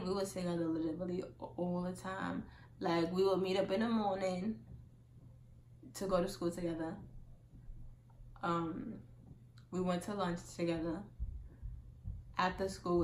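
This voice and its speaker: A young woman telling a casual storytime monologue as a vlogger, chatty and full of "like", acting out quotes loudly. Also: on the low side, reverberant, slight background noise.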